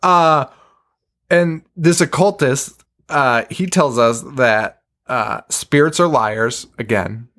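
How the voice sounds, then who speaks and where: A man's voice: medium pitch, takes it slowly, fairly bright tone. A man hosting a podcast, chatting casually, swearing freely and laughing often as he recaps. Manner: laughs often, profane, wry. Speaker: podcast host. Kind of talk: casual chat.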